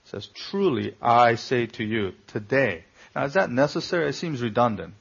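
A male pastor preaching a sermon in a gravelly, husky voice. He asks the congregation pointed rhetorical questions and pushes hard on key words. The recording is dull and lo-fi. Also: mid-range voice, expressive, normal speed.

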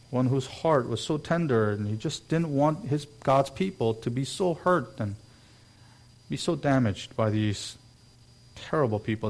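A man's voice: mid-range voice, a little mellow. A man preaching a sermon in an earnest way, now and then acting out quoted voices. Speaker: pastor.

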